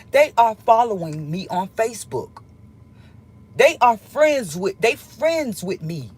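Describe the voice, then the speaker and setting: Woman vlogger with a husky voice, heated and emphatic, swears freely, mid-range pitch. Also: a little mellow. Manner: heated, emphatic, repeats lines for effect. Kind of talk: casual storytelling to viewers.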